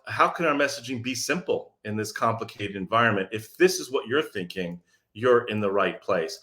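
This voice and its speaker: A man speaking from his office as a sales messaging coach, energetic and sarcastic, firing questions at his audience. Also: medium pitch. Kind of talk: direct-to-audience pitch.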